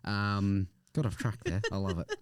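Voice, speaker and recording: A low-voiced man hosts a podcast chat, his pitch swinging widely as he jokes and swears. The sound is dry and close, with no room around it. Quick laughs break up his talk. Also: expressive, dry recording. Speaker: podcast host. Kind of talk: casual chat.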